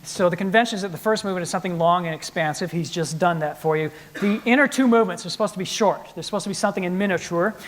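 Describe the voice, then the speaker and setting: A man playing piano in a trio, explaining the music to a live audience in an animated, playful lecture-demonstration. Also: sits high, very fast, few pauses. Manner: animated, playful explainer acting out the composer's attitude. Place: concert hall with live audience.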